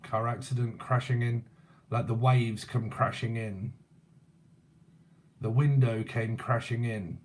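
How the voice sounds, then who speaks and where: A man's voice: medium pitch, steady tone, takes it slowly, pauses often. A man as a tarot reader channeling spirits, musing aloud in a loose, casual way with frequent chuckles. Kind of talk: psychic channeling session.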